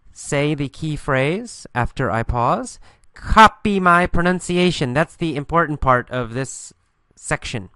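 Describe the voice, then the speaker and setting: A man teaching an English listening lesson, slowly and patiently asking questions and answering them himself, repeating the key phrases. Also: fairly high pitch, bright, forceful tone, dry recording.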